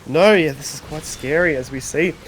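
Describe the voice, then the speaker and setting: A man casting a live strategy game in a relaxed, chatty way, half asleep, with many pauses and small laughs. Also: a little high, a little hiss or hum. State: sleepy. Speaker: esports caster. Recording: faint game music underneath.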